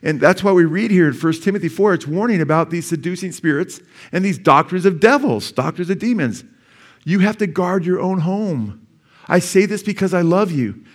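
A middle-aged male pastor with a voice that sits high preaches a sermon in a church, speaking conversationally and asking the congregation questions.

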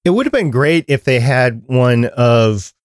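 A man's voice: mid-range voice, very animated, measured pace, no echo. Man host, easygoing hedging chat, dry close mic. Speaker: podcast host. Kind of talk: casual chat.

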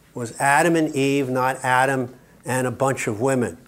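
A man's voice: medium pitch, normal speed, fairly bright tone. An older man delivering a sermon-style teaching talk in a mid-range voice. He drives his points home emphatically, breaks off for joking asides, and keeps asking "okay?" to check that his audience is with him. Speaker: conference speaker.

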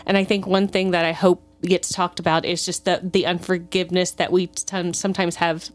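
A woman's voice: on the low side, flat delivery, fairly quick, soft background music. A woman guest on a podcast, talking casually and chattily, often trailing off and restarting. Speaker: guest from the ministry.

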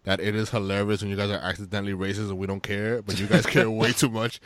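A man's voice: lowish voice, level tone, quick pace, fairly bright tone, no echo. A man co-hosting a casual podcast, laid-back and laughing easily. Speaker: podcast co-host. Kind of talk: casual chat.

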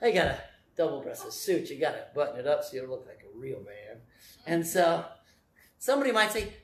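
A man preaching a sermon in church, animated and playful, repeating key phrases for emphasis. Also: mid-range voice, brisk, roomy sound.

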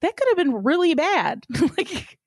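A woman's voice: very high voice, big pitch swings, a little slow, no room sound, clean studio sound. A woman telling stories in casual conversation, acting out the people she quotes and laughing often. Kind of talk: casual chat, storytelling.

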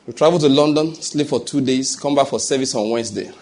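A pastor with a mid-range, slightly mellow voice preaches at a quick pace. His sermon is chatty and full of humorous asides, building up to emphatic points.

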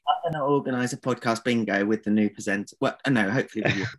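A man's voice: medium pitch, racing. A man co-hosting a podcast, bantering casually with a playful, teasing manner. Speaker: podcast co-host.

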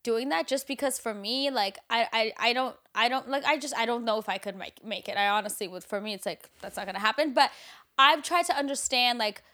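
A woman co-hosting a casual chat show, talking in an animated way with lots of fillers and frequent swearing. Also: a little high, a little fast. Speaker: podcast co-host.

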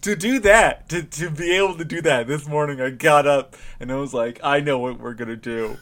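A man's voice: on the high side, normal speed, a bit bright. Rambling, giggly podcast host man. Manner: rambling, laughs often, many restarts. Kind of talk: casual chat.

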